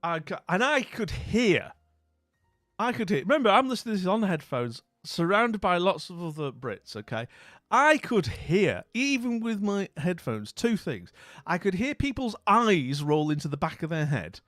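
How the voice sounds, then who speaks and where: Chatty British man with a lively voice. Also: high-pitched, normal speed, no room sound, studio quality. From Britain. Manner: rambling, chatty, full of asides and self-mockery. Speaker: channel host. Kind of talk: casual anecdote.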